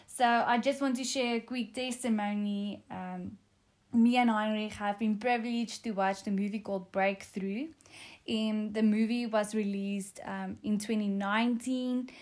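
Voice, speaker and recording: A woman giving a devotional testimony in an earnest way, often pausing with um. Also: mid-range voice, steady tone, darkish tone. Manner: earnest, with frequent um fillers. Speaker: speaker sharing a testimony.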